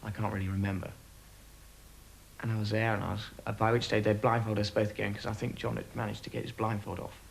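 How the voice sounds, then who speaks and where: A man with a low, gravelly voice remembering events for a documentary interview. He speaks haltingly and stops often to search for words. A faint hiss runs under the recording. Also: little pitch movement, low-quality recording. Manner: halting, full of pauses and fillers. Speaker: former RAF aircrew interviewee.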